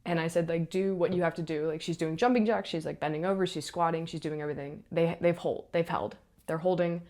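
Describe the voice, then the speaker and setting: A young woman, a stage manager, telling a backstage story in a chatty, animated way with lots of asides. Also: on the low side, fairly quick. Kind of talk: casual storytelling to camera.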